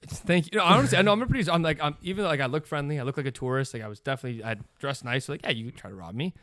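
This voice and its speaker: Young guy podcast cohost, talks super fast, rambly storyteller, bit high voice, dry close mic. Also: a bit bright, no echo. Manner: rambling storyteller, laughs often. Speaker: podcast co-host. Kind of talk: casual chat.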